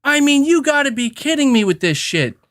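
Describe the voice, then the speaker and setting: A man's voice: very high voice, very animated, moderate pace, a bit bright. A man hosting a podcast who launches into a heated, profane, emphatic rant, stumbling and restarting as he talks. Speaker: podcast host.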